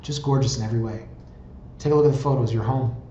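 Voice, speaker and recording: A man's voice: mid-range voice, fast talker, warm tone, a little hiss or hum. A chatty man with a middle-range voice gives casual, sarcastic commentary on home listings and often wanders off on tangents. The sound is roomy and a little dull. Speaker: real estate blogger. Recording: roomy, slightly dull recording.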